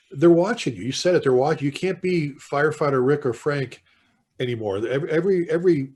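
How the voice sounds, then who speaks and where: An older man, a fire chief, talking as a podcast guest and telling stories in an animated, conversational way. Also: medium pitch, husky. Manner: animated, quickly quotes people in stories. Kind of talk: conversational storytelling.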